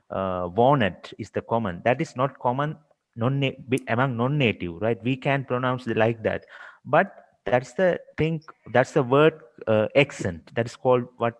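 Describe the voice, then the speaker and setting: A man's voice: mid-range voice, normal speed. Man speaking up in a roomy echo. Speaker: class participant. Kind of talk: online class discussion.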